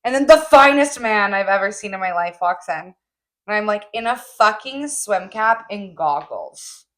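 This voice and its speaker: A woman's voice: mid-range voice, animated, normal speed, a bit bright. A young woman co-hosting a casual podcast, telling stories in a bubbly, giggly way, wired on an energy drink. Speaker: podcast co-host. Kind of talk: casual chat.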